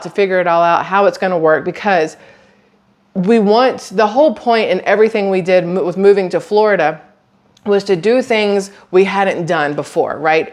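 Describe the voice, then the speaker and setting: Chatty woman vlogging. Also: lowish voice. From southern United States. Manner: chatty, rambling, animated with frequent asides. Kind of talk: casual chat to camera.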